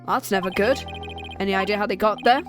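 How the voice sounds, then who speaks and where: A woman reading the lines of an earnest, jumpy young male defense lawyer who asks quick questions. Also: mid-range voice, over music, close to an everyday voice.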